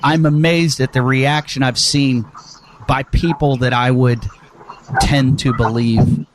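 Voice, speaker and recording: A man hosting a podcast in casual chat, halting and restarting his sentences often. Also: medium pitch, steady tone. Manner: halting, many restarts and repeated words. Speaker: podcast host. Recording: audible background noise.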